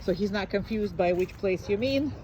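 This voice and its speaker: A woman dog trainer who gushes high sing-song praise at a dog and explains the training to its owner in a relaxed, chatty way with fillers. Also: normal speed, muffled recording, a little hiss or hum.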